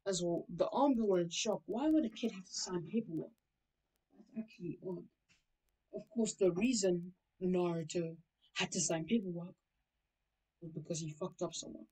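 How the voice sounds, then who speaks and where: A woman's voice: lowish voice, moderate pace, dark tone, slightly rough, low-quality recording. A woman casually narrating a fan story, rambling, swearing and correcting herself as she goes.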